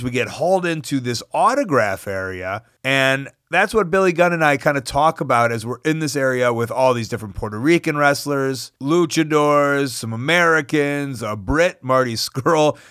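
Animated storytelling man, slightly high, dry. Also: no room sound. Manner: animated, swearing, self-mocking. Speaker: podcast host. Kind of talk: storytelling monologue.

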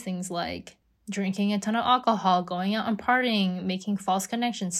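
A woman life coach giving a casual self-help monologue, often using "like", "you know" and "right?". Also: medium pitch. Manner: casual, full of "like" and "right?" fillers.

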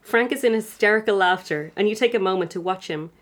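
A woman's voice: medium pitch, fast talker. A young woman, reading her old fan fiction aloud on a comedy podcast, giggling and poking fun at herself between passages. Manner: giggly, self-mocking, laughing through the reading. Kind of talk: reading aloud with comic asides.

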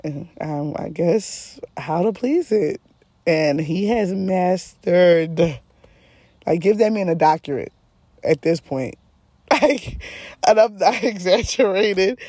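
A woman's voice: on the low side, warm tone. A woman hosting a podcast, telling a personal story in a frank, casual way, often laughing and swearing. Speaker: podcast host.

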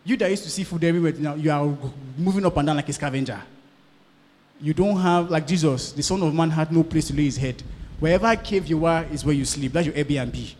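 A male pastor preaching a sermon, swinging from loud bursts to hushed lines and checking in with his congregation. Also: a little high, long reverb tail.

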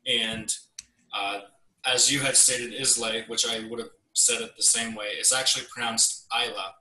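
A man with a very bright, sharp voice chatting casually and weighing his words. He sounds far from the mic in a roomy space with faint noise behind him. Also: medium pitch, flat delivery, normal speed. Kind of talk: casual chat.

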